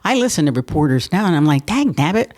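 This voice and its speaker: An older woman, telling stories from her life as a mayor in a lively, laughing way, often repeating words as she restarts. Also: low-pitched, fast. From Pennsylvania. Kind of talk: conversational storytelling interview.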